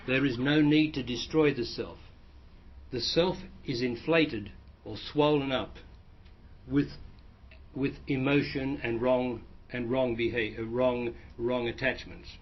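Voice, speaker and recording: A man's voice: mid-range voice, fairly even intonation, slow pace, slightly rough. A man who is a spiritual teacher, answering audience questions in a plain, explanatory way and often restarting his phrases. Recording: dull lo-fi recording.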